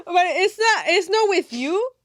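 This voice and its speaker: A woman co-hosting a podcast in casual chat, animated, repeating words as she thinks aloud. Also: very high-pitched, no room sound, studio quality. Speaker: podcast co-host.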